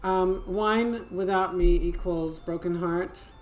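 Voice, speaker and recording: Woman streamer, French accent, lowish voice, casual playful chatter. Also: fairly even intonation, slow pace. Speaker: game streamer. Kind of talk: casual gameplay chat.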